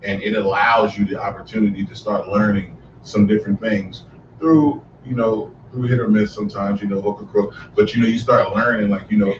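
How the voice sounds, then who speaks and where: A man co-hosting a podcast, speaking earnestly and thoughtfully, building his point slowly. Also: on the low side, fairly even intonation, noisy background. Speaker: podcast co-host. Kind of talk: casual podcast conversation. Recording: echoey room, distant mic, dull sound.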